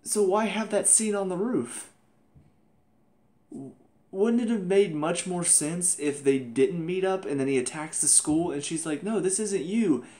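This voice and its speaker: A man's voice: high voice, measured pace, a little mellow. Exasperated man ranting in a TV review. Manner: exasperated, ranting, mocking characters in put-on voices. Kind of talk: casual spoken review.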